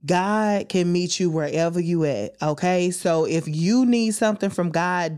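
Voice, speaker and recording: Chatty woman podcast host, low voice. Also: clear, resonant tone. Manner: chatty and warm-hearted, preachy, calls listeners homegirls and baby. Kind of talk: casual faith talk to listeners.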